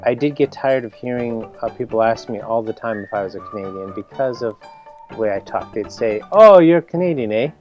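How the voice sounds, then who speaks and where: A man's voice: fairly low pitch, steady tone, fairly quick. A young man giving hesitant, bemused answers in a casual interview. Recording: dull lo-fi sound, music.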